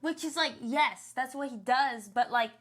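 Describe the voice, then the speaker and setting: A woman's voice: high-pitched, a little slow. A woman co-hosting a casual podcast, chatting about a show with many fillers and laughs. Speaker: podcast co-host. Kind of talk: casual chat reviewing a show.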